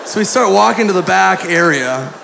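A man telling a story in a stand-up comedy set, excitable and laughing at his own tale. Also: high voice, moderate pace, gravelly. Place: comedy club stage with live audience. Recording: noisy live club recording with crowd laughter.

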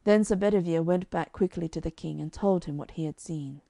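A woman narrating a children's storybook in a calm, measured reading on a close mic. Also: fairly low pitch, vocal fry, no echo. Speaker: audiobook narrator.

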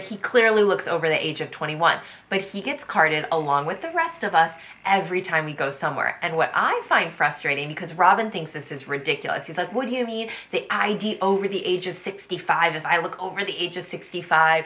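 A woman in her thirties from the USA, talking to camera in an energetic, chatty way about culture shocks. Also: lowish voice, brisk, hardly any pauses. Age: 30s. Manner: energetic, chatty, quotes people in animated voices. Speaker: vlogger. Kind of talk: casual talk to camera.

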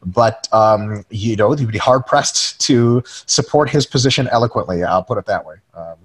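Husky-voiced man, joking co-host. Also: on the low side, normal speed. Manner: swears freely, jokey, reads questions aloud. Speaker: podcast co-host. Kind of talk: casual profane chat answering viewer questions.

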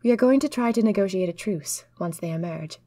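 A woman telling a first-person diary story in an earnest, lively way. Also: medium pitch, brisk, dry recording.

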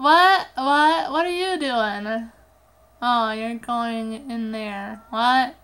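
A high-voiced woman with a bright, sharp tone chats through her game in a loose, excitable way, swearing freely and slipping into giggly outbursts. She talks at an unhurried pace into a phone recording app. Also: clear, resonant tone. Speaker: gameplay commentator. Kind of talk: casual game commentary.

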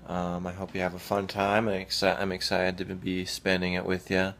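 A man's voice: sits low, monotone, normal speed, a bit bright, a little hiss or hum. A young man recording a hesitant casual video message to his mother, with lots of filler words.

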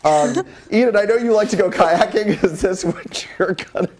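A man's voice: high voice, moderate pace, darkish tone. A male news anchor reading a lighthearted story on air while he struggles not to laugh.

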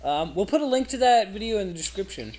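A man's voice: high-pitched, big pitch swings, fast talker, a little mellow, a little hiss or hum. A young man co-hosting a casual gaming podcast, teasing and offhand in a sarcastic way. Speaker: co-host.

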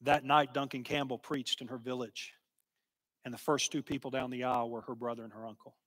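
A man preaching a sermon and telling a story, slow and emphatic, sometimes dropping to a hush. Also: medium pitch, fairly even intonation. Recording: long hall reverb.

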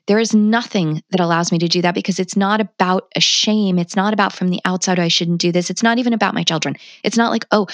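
A woman's voice: on the low side, no echo. Blunt, passionate woman guest. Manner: passionate, blunt, swears freely. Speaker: podcast guest, parenting coach. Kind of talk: candid conversational interview.

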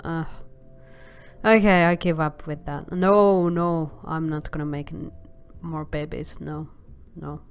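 Slow-talking woman narrating her gameplay. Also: deep voice, steady tone, clear, resonant tone. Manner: exclaims and stammers filler sounds while playing. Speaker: gameplay commentator. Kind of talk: casual game commentary.

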